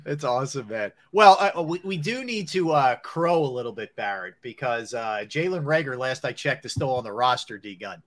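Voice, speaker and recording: Lively-pitched male sports show host. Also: normal speed, hardly any pauses. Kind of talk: casual sports talk.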